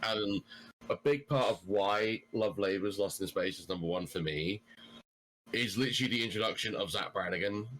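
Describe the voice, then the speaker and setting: A man with a lowish voice chats as a guest on a podcast. He is blunt and swears freely. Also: normal speed, a bit bright, low-quality recording. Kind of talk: casual chat.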